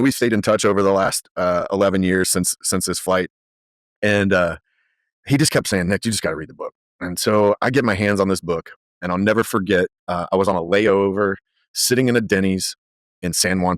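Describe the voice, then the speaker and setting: Guy on a podcast telling stories, pretty lively, lots of uhs, deep-ish voice. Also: dry recording, clean studio sound. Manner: animated, lively storyteller with frequent fillers. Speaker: podcast guest. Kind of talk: conversational storytelling.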